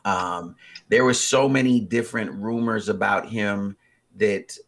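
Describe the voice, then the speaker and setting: A man in his forties with a husky voice, chatting casually as a podcast co-host, rambling with many fillers and animated bursts. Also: fairly low pitch, a little slow. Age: 40s. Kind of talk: casual chat.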